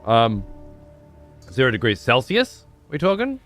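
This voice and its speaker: A man streaming a video game, chatting casually and swearing freely with excitable outbursts. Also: medium pitch, a little slow, soft background music. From United Kingdom. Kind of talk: casual gameplay livestream chat.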